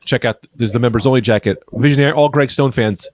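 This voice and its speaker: Guy doing improv comedy podcast bits, talks fast and bouncy, dry close mic sound. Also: medium pitch, no room sound. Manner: rambling, animated, deadpan absurd. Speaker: podcast co-host. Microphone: studio microphone.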